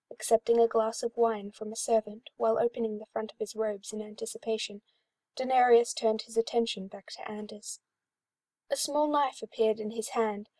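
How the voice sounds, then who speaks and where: A woman reading a fan-written story aloud in an even, smooth storytelling manner. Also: a little high, no echo. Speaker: story reader.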